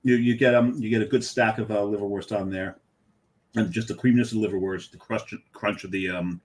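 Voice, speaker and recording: Low-voiced man telling rambling stories. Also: steady tone, fairly quick. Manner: rambling anecdotes with many ums and restarts. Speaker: podcast co-host. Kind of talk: casual storytelling.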